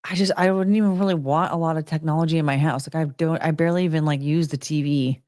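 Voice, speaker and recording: Here a woman talks fast in a low, darkish voice with fairly even intonation while chatting casually with her stream viewers. The talk is rambling and giggly, often broken off mid-sentence, and the audio is studio quality, with no echo.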